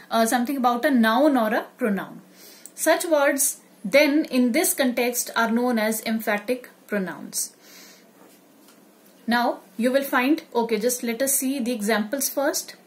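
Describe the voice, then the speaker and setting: A woman teaching a grammar lesson, explaining step by step and repeating examples. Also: on the high side.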